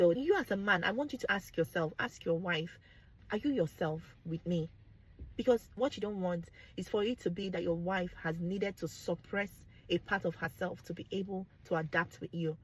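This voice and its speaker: Young adult Nigerian woman, husky voice, frank and animated direct-to-camera talk. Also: lowish voice, rough recording. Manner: animated, exclaims and laughs, drops into pidgin. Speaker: vlogger.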